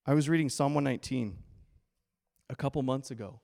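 A middle-aged man preaching a sermon as pastor, playful and animated, acting out quoted voices. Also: mid-range voice, a little fast, creaky.

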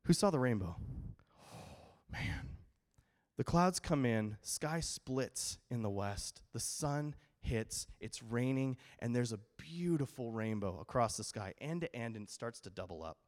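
Man preaching a lively sermon. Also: medium pitch, unhurried. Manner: animated storytelling with acted-out quotes. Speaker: pastor.

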